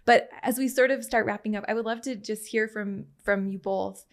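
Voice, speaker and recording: An earnest woman host talks through an idea, restarting phrases as she thinks aloud. Her voice is at an ordinary middle pitch. She then turns to ask her guests a question. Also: steady tone, normal speed. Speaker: podcast host. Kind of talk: conversational interview.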